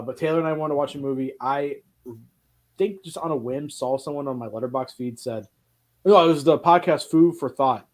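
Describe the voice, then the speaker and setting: An animated man chatting casually on a film podcast. He tells stories with energy and swears freely. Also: mid-range voice. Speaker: podcast co-host. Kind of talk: casual chat.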